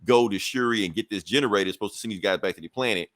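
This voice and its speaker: A man with a low voice walks through a comic book issue in loose, profane storytelling and often chuckles. The sound is dry and close, with no room in it. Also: rapid-fire, fairly bright tone, no room sound. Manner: laughs between points. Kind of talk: casual comic review.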